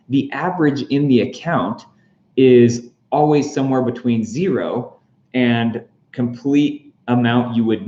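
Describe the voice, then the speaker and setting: A man hosts a casual real estate explainer vlog, chatty and packed with fillers and jokey asides. His mid-range voice has a darkish tone, and the recording sounds roomy and slightly dull.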